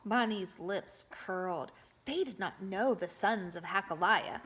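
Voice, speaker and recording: A woman reading a novel aloud as an audiobook, with expressive narration. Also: on the low side, unhurried. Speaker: audiobook reader for a homeschool group.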